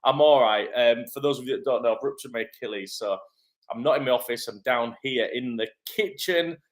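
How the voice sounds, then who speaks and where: A man's voice: medium pitch, brisk. A man, an acting coach running a live-stream Q&A from his home kitchen, chatty and upbeat with lots of ums. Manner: chatty and upbeat, many "um" fillers. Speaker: acting coach and agency head.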